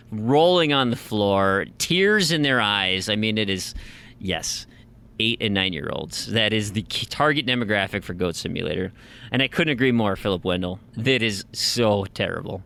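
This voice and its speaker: A man co-hosts a casual gaming podcast, and his pitch swings all over as he tells a story. His tone is bright and forward. He acts out the lines he quotes. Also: gravelly. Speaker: podcast co-host. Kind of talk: casual chat.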